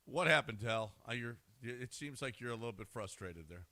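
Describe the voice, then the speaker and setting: A man hosting a morning sports radio show, talking in an animated, excitable way. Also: medium pitch, moderate pace, no room sound.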